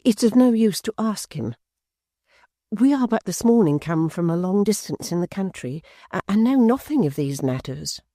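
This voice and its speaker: An anxious widowed mother pleads earnestly, her voice lifted high with worry, as an audiobook narrator puts her on. The tone stays mellow and dry, with lively pitch. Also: normal speed, no room sound. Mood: pleading.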